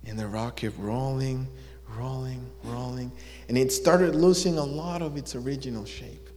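A man telling a story to listeners in an animated, drawn-out way, asking them questions as he goes. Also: medium pitch, a little hiss or hum. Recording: long echo of a large hall.

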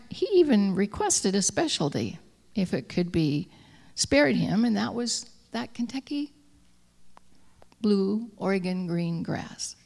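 Slow, whispery woman storyteller in a hall. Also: mid-range voice, gravelly. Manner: slow, drawn-out reading that drops often to a soft whisper. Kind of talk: read-aloud storytelling.

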